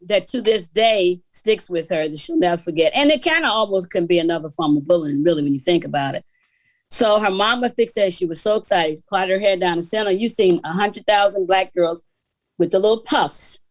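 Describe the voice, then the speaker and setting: A woman co-host in a casual panel chat, telling a story in an animated way and acting out the voices she quotes. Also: medium pitch, a little fast, no echo.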